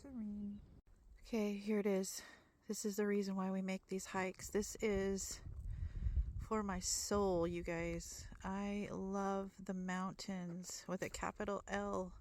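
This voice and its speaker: A woman's voice: mid-range voice, level tone, slow pace, darkish tone. Gushing woman vlogging on a hike. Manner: gushing, enthusiastic. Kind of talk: casual hiking vlog narration. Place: outdoor forest trail.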